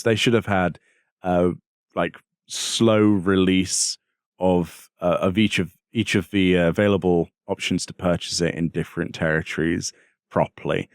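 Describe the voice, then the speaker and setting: A man's voice: deep voice, fairly even intonation, normal speed, no echo, studio quality. A man hosting a casual gaming podcast, ranting with animation and acting out characters in exasperated voices. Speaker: podcast host.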